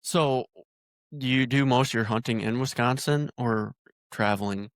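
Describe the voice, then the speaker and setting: A man's voice: mid-range voice, a little slow, no room sound, clean studio sound. A man from northern Iowa hosting a podcast, teasing his guest in a joking, casual chat. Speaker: podcast host.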